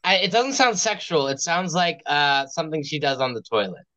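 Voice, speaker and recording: A man's voice: a little high, big pitch swings, moderate pace, sharp tone. A man co-hosting a casual podcast, joking and poking fun at himself. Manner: joking, self-mocking. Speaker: podcast co-host. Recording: slightly dull lo-fi mic.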